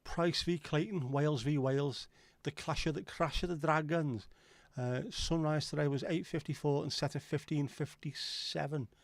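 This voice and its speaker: A man's voice: fairly high pitch, steady tone, moderate pace, hardly any pauses, dry recording. A man hosting a livestream, rambling and joking as he chats with viewers and swears casually. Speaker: livestream host. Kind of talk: casual chat reading viewer comments.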